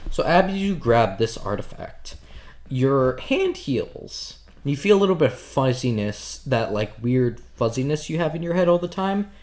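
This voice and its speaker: A man narrating as game master at a tabletop game, describing scenes in a loose, joking manner. His voice sits at a middle pitch for a man. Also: sing-song, a little slow, darkish tone.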